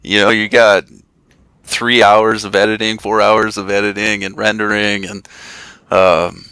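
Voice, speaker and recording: A man speaking as a podcast guest in casual chat, relaxed and self-deprecating, with lots of fillers and restarts. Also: fairly low pitch, unhurried, clear, resonant tone, no room sound, poor audio. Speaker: guest, retro game YouTuber.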